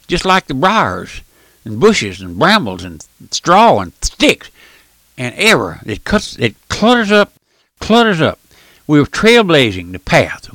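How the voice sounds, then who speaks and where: A man's voice: on the high side, fairly bright tone, no room sound. An older man preaching an earnest, emphatic radio sermon in a folksy, repetitive way.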